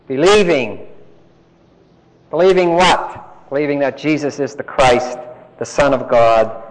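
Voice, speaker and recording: A man's voice: mid-range voice, big-room sound, low-quality recording. A man giving an emphatic Bible-teaching lecture, putting questions to his listeners as he explains. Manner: emphatic, asks the class questions.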